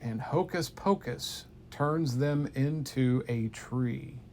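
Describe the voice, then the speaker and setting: A quirky male wizard schoolteacher, voiced by a man in a told bedtime story, speaking in a calm, dry, matter-of-fact way. The voice is mid-pitched with a gravelly edge. Faint noise sits behind him. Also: slow pace. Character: eccentric male wizard teacher, calm and wry.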